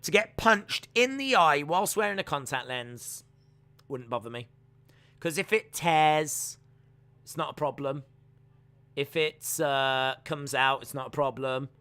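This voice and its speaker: A young man hosting a live watch-along stream, rambling chattily with viewers and calling the action in excited play-by-play. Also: fairly high pitch, measured pace, clear, resonant tone, dry recording.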